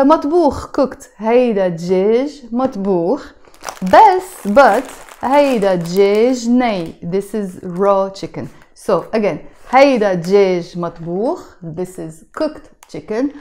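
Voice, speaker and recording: A young woman with a Lebanese accent, teaching Arabic vocabulary and patiently repeating each phrase slowly and then quickly. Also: a little high, mellow. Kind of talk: explaining Lebanese Arabic words from a shopping bag.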